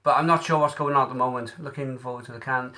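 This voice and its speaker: A man's voice: medium pitch, steady tone, quick pace, bright, forceful tone. A man hosting a casual live-stream unboxing, chatty and upbeat, answering viewers' comments aloud into his mobile phone. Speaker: beer reviewer streaming live. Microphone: mobile phone camera.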